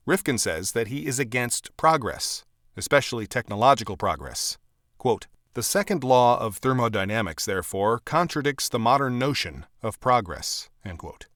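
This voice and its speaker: Male reader, book chapter, emphatic delivery with animated pitch, dry close recording. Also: no room sound. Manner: measured, emphatic reading with clear quote markers. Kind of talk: reading a book aloud.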